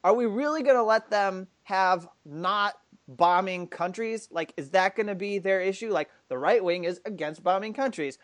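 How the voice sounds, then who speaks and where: Man, fairly high voice, indignant rhetorical arguing, dry close sound. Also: moderate pace, a bit bright, no room sound. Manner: indignant, reads his own post aloud, then argues with rhetorical questions. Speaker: political commentary co-host. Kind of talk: heated political talk show chat.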